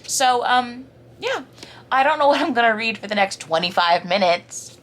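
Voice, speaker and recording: A young Southern woman talks loosely in a casual book vlog, full of fillers and asides. Her voice sits a little low for a woman. A faint background hum runs under the recording. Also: lively intonation, moderate pace. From American South. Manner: chatty, rambling, many fillers and likes. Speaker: book vlogger. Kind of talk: casual reading vlog chat.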